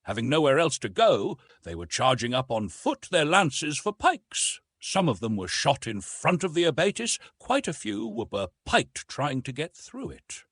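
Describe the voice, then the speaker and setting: Husky, animated male storyteller. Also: a little slow, hardly any pauses, dry recording, clean studio sound. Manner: animated storytelling with lively rises in pitch. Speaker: audiobook narrator. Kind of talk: scripted narration of a science fiction story.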